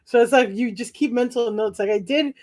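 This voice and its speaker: A young woman performing a stand-up set from home over a video call, rambling, laughing at her own jokes and shouting her punchlines. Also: a little high, a little fast. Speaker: stand-up comedian. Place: home during quarantine.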